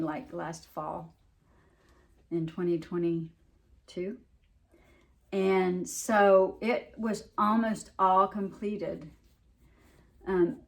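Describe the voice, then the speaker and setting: Slow-talking Southern woman showing her stitching. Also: on the low side. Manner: chatty, rambling, many restarts and ums. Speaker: cross-stitch vlogger. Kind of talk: casual show-and-tell chat.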